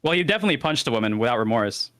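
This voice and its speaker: A man arguing in a casual online debate over a voice call, talking fast and rambling through his points. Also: medium pitch, sing-song, fairly bright tone, clean tone, no room sound, clean studio sound. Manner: rapid, argumentative, rambling. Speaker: debater, YouTuber.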